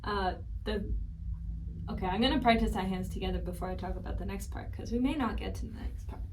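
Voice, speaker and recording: A woman's voice: medium pitch, fast, distant mic, background noise. A woman teaching piano in a casual practice session, talking herself through the music between passages. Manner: chatty, thinking aloud between playing, counting beats. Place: room at a piano. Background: piano playing.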